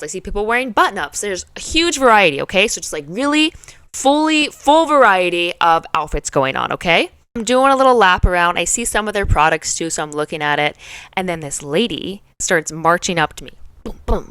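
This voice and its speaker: A young woman hosts her own show, telling a story in a casual, chatty way. Her voice sits at a middling pitch but swoops up and down a lot, and she packs her sentences with fillers. The sound is dry, with no room around it. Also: no echo. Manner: chatty, animated, filler-heavy. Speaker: podcast host.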